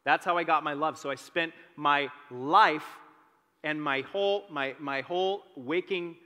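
A young man telling his own story as a sermon, animated and self-deprecating. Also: fairly high pitch, measured pace. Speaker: teaching pastor. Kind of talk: testimony sermon. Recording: long reverb of a large hall.

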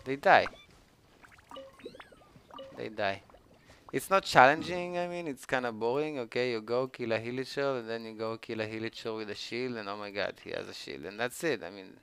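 A man with a non-native English accent talks through his live game session in a bright, forceful voice. He rants, swears freely and gets excitable over every small win and loss. His pitch sits in the middle range. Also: moderate pace, clear, resonant tone. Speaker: streamer. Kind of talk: live gameplay commentary.

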